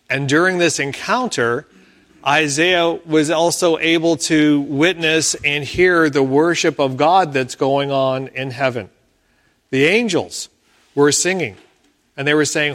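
A man delivers a sermon at an unhurried, deliberate pace, his voice sitting a little higher than most men's. He explains scripture patiently, pausing between phrases. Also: a bit bright. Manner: slow, measured preaching with careful pauses. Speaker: pastor.

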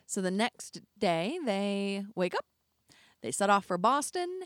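A woman podcast co-host telling a folklore tale in a relaxed, chatty, lightly profane way. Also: mid-range voice, slow, dry recording, studio quality. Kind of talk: casual storytelling.

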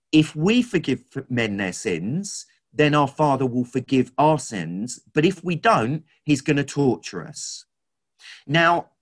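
Man, preacher, sermon, animated storytelling, lively intonation. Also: mid-range voice. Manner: animated storytelling, acts out scripture.

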